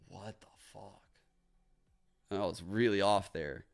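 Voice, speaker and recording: A man's voice: low-pitched, slow, creaky, long pauses. A man from New Orleans chatting casually on a livestream, joking and swearing as he reacts. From New Orleans, United States. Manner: profane, joking, reacting out loud. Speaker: streamer hosting a watch party.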